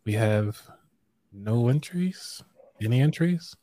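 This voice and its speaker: A man hosts a live-stream money show in a loose, easygoing way, clearing his throat and reading aloud from a book. His voice is mid-pitched and sits dry and close, with little room sound. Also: a little slow, a little mellow, no room sound.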